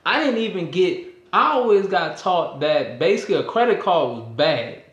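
Young man, slangy, restarts a lot, raised pitch, roomy sound. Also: big pitch swings, moderate pace, fairly bright tone, muffled recording. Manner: loose and slangy, restarts often. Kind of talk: casual chat. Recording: echoey room.

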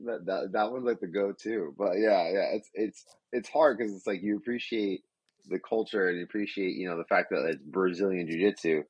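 A man's voice: sits low, normal speed, a little mellow, slightly rough, no room sound, muffled recording. A young man hosting a casual podcast, rambling and profane. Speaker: podcast host.

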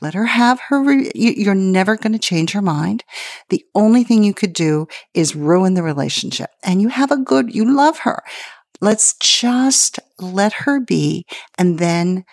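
A woman co-hosting a casual political talk show who tells personal stories in an animated way, laughing easily. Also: mid-range voice, moderate pace, dry recording, studio quality. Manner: animated storytelling, acts out quotes. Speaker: podcast co-host.

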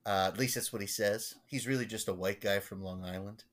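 A man, a pastor, telling stories in a casual podcast chat, halting and rambling with many restarts. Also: on the low side, steady tone, a bit bright.

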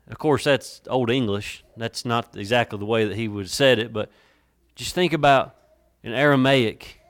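Brief: male preacher, church sermon, dramatic swings from hushed to loud, mid-pitched voice. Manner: dramatic, varying loudness, drawn-out emphasis; repeats words and restarts while building a point. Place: church sanctuary. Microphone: worn mic.

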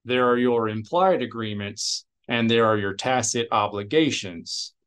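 A man's voice: mid-range voice, measured pace, fairly bright tone, clear, resonant tone, lightly acted. A man reading aloud, voicing a wry, impatient male starship captain with a dry, bargaining way of talking.

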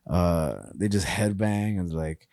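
A man co-hosting a podcast, chatting casually and telling stories in a loose, profane, animated way. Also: low voice, takes it slowly, dry recording, clean studio sound. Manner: animated, profane storytelling with frequent laughs. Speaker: podcast co-host. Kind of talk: casual chat.

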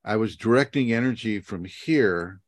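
Man, low voice, spiritual teacher, rambling, self-mocking, video call, dry sound. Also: animated, normal speed, no room sound. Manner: meandering, laughs at himself, many fillers.

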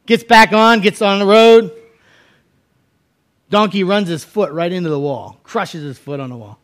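A man's voice: high voice, unhurried. A man pastor preaching a sermon, telling a scripture story in a folksy, conversational way and acting out the characters' lines. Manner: storytelling, acting out voices in quotes.

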